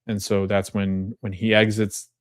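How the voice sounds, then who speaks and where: A man's voice: lowish voice, flat delivery, unhurried, dry recording, studio quality. A man hosting a podcast, retelling a TV episode in a casual, rambling way and often correcting himself. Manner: rambling, self-correcting, chuckles while retelling scenes. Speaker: podcast host.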